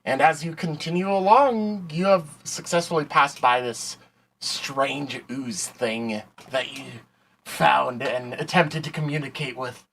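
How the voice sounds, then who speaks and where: A man's voice: fairly high pitch, unhurried, gravelly, a bit bright. A man narrating a tabletop game as game master, in a casual, rambling way with many fillers.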